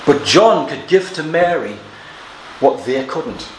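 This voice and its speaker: A man preaching an expository Bible sermon, earnest, moving between quiet reading of scripture and emphatic exclamations. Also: fairly high pitch, expressive, takes it slowly. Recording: echoey room with faint ambient noise.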